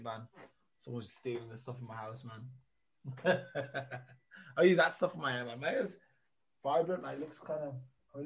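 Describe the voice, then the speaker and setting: A man from England, chatting in a laid-back way. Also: fairly high pitch. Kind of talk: casual chat.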